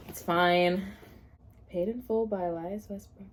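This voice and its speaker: A woman's voice: lowish voice, fairly even intonation, unhurried. A young woman chatting casually in a reading vlog, gushing expressively and laughing often. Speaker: book vlogger.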